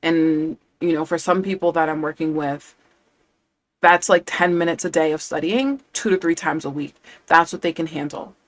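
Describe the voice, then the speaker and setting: A woman's voice: sits low, normal speed, no room sound. A woman talking as a language coach in a casual live stream, chatty and enthusiastic, often quoting her students.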